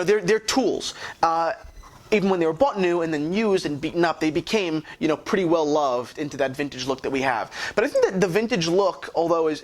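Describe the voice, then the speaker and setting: Man hosting a vlog, casual talk, fairly high voice, swears, lots of fillers and restarts. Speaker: host.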